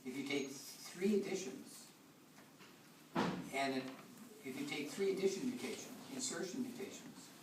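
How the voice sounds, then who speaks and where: A man lecturing to a class, working through his explanation aloud and restarting phrases as he goes. He sounds far from the microphone in a very echoey room, with steady noise underneath. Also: a little high, a little slow, long pauses.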